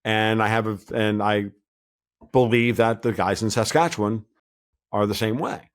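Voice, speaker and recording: As a guest commentator on a casual podcast, a man talks bluntly and rambles, often restarting his sentences. His voice is fairly low-pitched and moderately paced.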